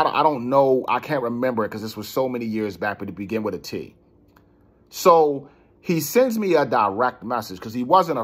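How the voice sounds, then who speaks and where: A man in his forties with a husky, slightly rough voice tells a personal story in a loose, conversational way. His pitch swings widely as he gets worked up, and he trips over and repeats words.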